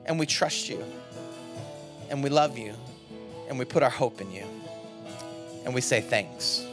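A man praying over a church congregation, starting quietly with halting restarts and swelling into fervent declarations. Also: medium pitch, music in the background. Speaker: minister praying. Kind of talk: sermon and spoken prayer. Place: church sanctuary.

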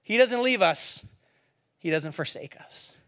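A man preaching a sermon as pastor, animated and quick to laugh, swinging from loud emphasis to hushed, quiet lines. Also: high voice, clean tone.

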